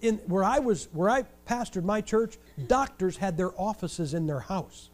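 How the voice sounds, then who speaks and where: An older man from Ohio preaching a sermon, telling stories in an animated, joking way with wry sarcasm. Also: high voice, moderate pace. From Ohio, USA. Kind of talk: storytelling sermon.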